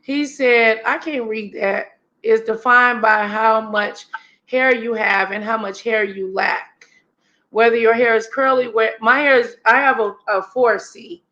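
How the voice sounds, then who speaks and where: A woman hosting a casual chat, hoarse today, joking loudly and laughing often. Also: fairly high pitch, fairly even intonation, a little slow, dull audio. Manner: loud playful banter, laughs often. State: raspy right now. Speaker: host.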